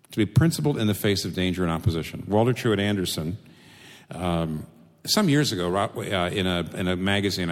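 A man's voice: on the low side, in a large hall. A male preacher giving a sermon, asking rhetorical questions and repeating phrases for emphasis.

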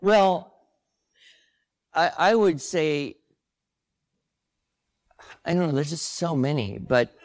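A man's voice: a little high, animated, slow pace, pauses often, no echo. Older man chatting in a dry room. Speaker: co-host. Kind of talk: casual conversation before a live audience.

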